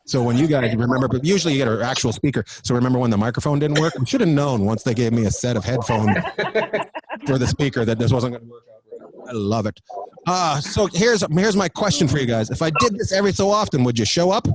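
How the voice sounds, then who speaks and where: A man's voice: medium pitch, lively intonation, quick pace. A man doing crowd-work stand-up from a studio, teasing the audience with loose, profane riffing. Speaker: stand-up comedian. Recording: loud audience laughter throughout.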